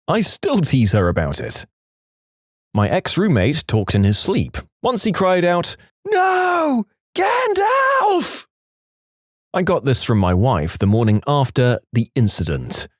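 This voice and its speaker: A man narrates reddit stories aloud in a lively, animated voice. He leaps into the quoted lines with big pitch jumps. The recording is dry and close, with no room sound. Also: dry recording.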